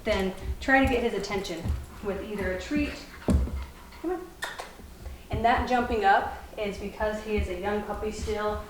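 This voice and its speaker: Calm woman dog trainer explaining. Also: mid-range voice. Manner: explains calmly, praises the puppy softly. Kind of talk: instructional demonstration. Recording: echoey room, faint noise.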